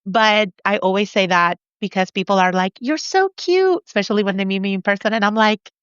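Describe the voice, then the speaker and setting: A woman author being interviewed in a casual chat, talking in an animated, confident way and laughing often. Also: mid-range voice, fast, clear, resonant tone, dry recording. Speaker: author guest. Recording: dull lo-fi dry sound.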